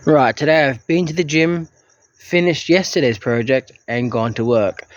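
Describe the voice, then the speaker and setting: A man's voice: fairly high pitch, moderate pace, no echo, lo-fi sound. A young man, rambling through a dry, self-mocking video diary. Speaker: vlogger.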